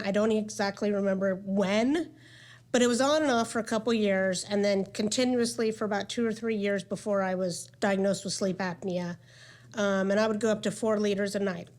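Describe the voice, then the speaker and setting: Woman in her forties, conference speaker sharing a personal story, candid and chatty, mid-pitched voice. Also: a little mellow. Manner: candid and conversational, with many "um" and "like". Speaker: patient speaker at a medical conference. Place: conference session room.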